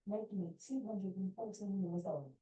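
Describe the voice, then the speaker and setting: A woman as british voice assistant, flat informative, quiet distant speaker. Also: medium pitch, normal speed, roomy sound, close to an everyday voice. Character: female smart-speaker assistant voice.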